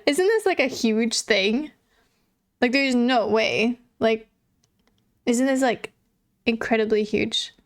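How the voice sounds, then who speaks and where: A woman's voice: a little high, slow pace, pauses often. A young adult woman livestreamer chatting casually with viewers, swearing freely and laughing often. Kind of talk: casual chat reading viewer messages.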